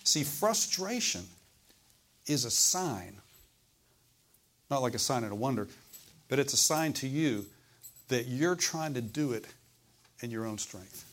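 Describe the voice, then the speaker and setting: Preaching man swinging loud to hushed. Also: medium pitch, lively intonation, measured pace, long pauses. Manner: preacherly, asks the congregation questions, swings between loud and hushed. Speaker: pastor. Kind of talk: sermon. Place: church service.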